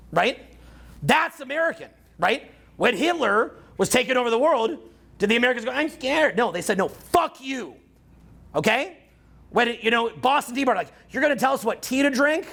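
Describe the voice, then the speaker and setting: Brash Canadian coach in his forties, raspy throat, pitch swinging wide, cursing through a live talk. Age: 40s. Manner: brash, profane, animated lecturing with mocking put-on voices. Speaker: dating and social skills coach. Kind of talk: live seminar talk to a crowd.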